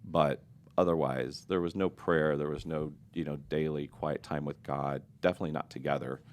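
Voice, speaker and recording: A man's voice: very deep voice, fairly even intonation, normal speed, darkish tone. A middle-aged man telling his own story in an earnest, confessional and reflective way during a podcast interview.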